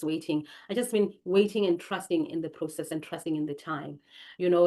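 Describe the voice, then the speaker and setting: A South African woman hosting her channel, talking to viewers in a chatty, emphatic way, jumping into high voices for quotes. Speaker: channel host. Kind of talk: casual spoken talk to viewers.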